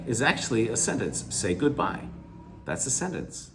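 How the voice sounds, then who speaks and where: Working through reading answers in a video lecture, this English teacher repeats himself and swaps each key term for simpler synonyms. His pitch swings hugely, rising on examples and fading quiet at phrase ends, at a normal speed with a little hiss or hum on the recording.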